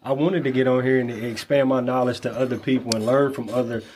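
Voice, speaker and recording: A man guest on a podcast, relaxed and friendly, who keeps calling people "man" as he talks. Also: medium pitch, fast, a little hiss or hum. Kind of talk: casual podcast chat.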